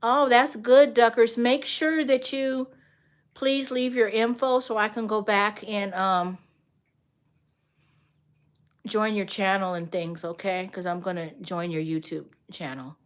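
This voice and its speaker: Older woman, livestream host, chatty and direct with viewers, mid-pitched voice. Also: unhurried. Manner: chatty, talks straight to viewers by name, lively retelling. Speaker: livestream host and art instructor. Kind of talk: casual livestream chat.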